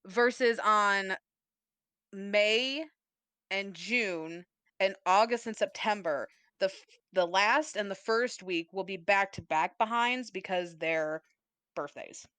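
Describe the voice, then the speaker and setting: A woman's voice: mid-range voice, slow pace, sharp tone, clear, resonant tone, no room sound. A woman co-hosting a podcast in casual chat, playful and rambling, swearing freely. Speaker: podcast co-host. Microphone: desk mic, typing nearby.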